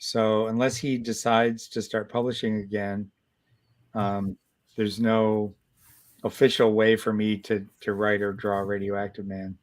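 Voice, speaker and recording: A man's voice: lowish voice, measured pace. Man in his sixties telling stories. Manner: animated storyteller, many restarts. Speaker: guest comic artist. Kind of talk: casual storytelling interview.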